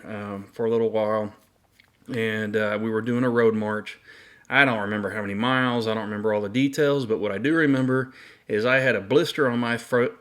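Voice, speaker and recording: A man's voice: on the low side, a bit bright. Rambling man sharing a testimony. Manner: rambling, many fillers and restarts. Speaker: Christian video host. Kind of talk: casual personal testimony.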